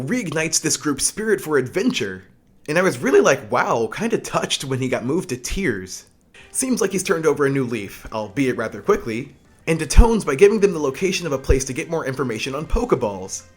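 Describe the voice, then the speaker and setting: A man narrates a casual episode review in a husky, slightly high voice. His pitch swings around animatedly, and he slips in wry, joking asides. Faint music plays quietly beneath him. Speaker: anime reviewer.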